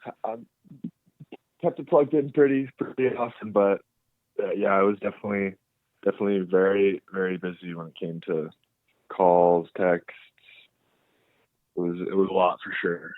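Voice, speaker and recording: Young male ballplayer, phone interview, low voice, dry and phone-thin sound. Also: steady tone, moderate pace, pauses often, dry recording. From Canada. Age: young adult. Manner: soft-spoken, repeats words as he searches. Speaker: drafted baseball player, guest. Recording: tinny phone line.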